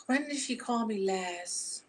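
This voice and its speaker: A woman reading tarot cards for her viewers in a casual, animated, profane and chatty way. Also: on the high side, slow pace, slight background noise. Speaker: tarot reader.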